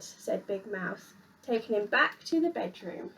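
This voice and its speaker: A woman reading a children's picture book aloud in an expressive, sing-song storyteller manner. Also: medium pitch, measured pace, distant mic.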